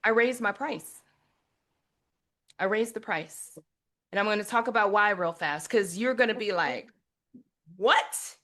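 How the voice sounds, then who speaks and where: A woman hosting an interview podcast, telling stories in a lively, conversational way and speaking to listeners as "y'all". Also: mid-range voice, normal speed, long pauses. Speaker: podcast host.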